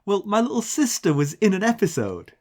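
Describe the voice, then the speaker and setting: A man with an English accent, co-hosting a podcast and telling a long anecdote in casual chat. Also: a little fast. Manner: chatty storyteller, animated pitch, mimics accents in quotes. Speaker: podcast co-host.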